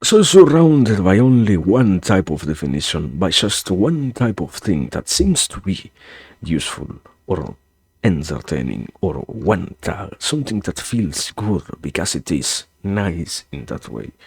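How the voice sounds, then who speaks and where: A man with a low, gravelly voice that swings widely in pitch as he thinks aloud on a live stream. He muses in a wry, halting way, restarting and correcting himself often. The sound is dry and close. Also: big pitch swings, darkish tone, dry recording. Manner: musing, wry. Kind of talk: rambling philosophical monologue. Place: home streaming setup.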